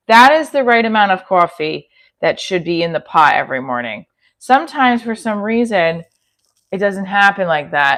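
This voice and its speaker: A woman's voice: on the low side, a bit bright. A woman in her forties with a New Jersey accent, chatting casually on a livestream from her kitchen and answering comments aloud. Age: 40s. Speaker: comedian livestreaming. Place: home kitchen.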